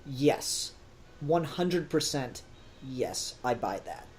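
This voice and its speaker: A man co-hosting a casual podcast film review, talking with animated energy, laughing often and swearing casually. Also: mid-range voice, slow, slight background noise. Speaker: podcast co-host.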